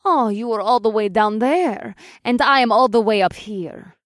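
A cocky female superheroine foe, as a woman narrator puts her on, pitched up well above a normal speaking voice and loud, with a mocking bite. Her voice turns shrill when she is angry. The storybook recording is dry and close. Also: normal speed, no room sound, lightly acted. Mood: taunting.

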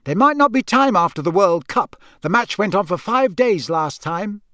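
A bustling mother witch who fusses over her grown children, as a male reader puts her on. The pitch climbs high and scolding. The sound is close and dry. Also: animated, moderate pace, bright, forceful tone, dry recording. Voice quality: fussy, scolding. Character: fussing motherly middle-aged witch.

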